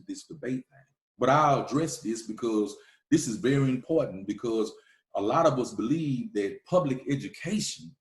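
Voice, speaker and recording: A man's voice: medium pitch, darkish tone, reverberant. A man giving an emphatic, preaching lecture, often checking in with his listeners. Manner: emphatic, repeats "all right?" to the listeners.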